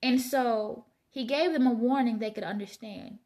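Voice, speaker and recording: A Bible study vlogger with a fairly high, darkish voice and moderate pace reads scripture aloud, then muses on it in a casual, conversational way.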